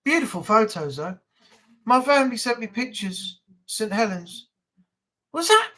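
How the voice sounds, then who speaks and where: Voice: mid-range voice, animated, moderate pace, fairly bright tone. A chatty host from England rambles through a casual live-stream chat. The talk runs loose and conversational, with answers to viewer comments and bits of good-natured ranting.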